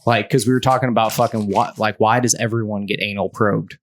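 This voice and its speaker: A man's voice: lowish voice, fairly even intonation, fairly quick, a little hiss or hum. A man guesting on a podcast, telling chatty, profane stories full of fillers. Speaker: podcast guest, food product maker. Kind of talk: casual storytelling.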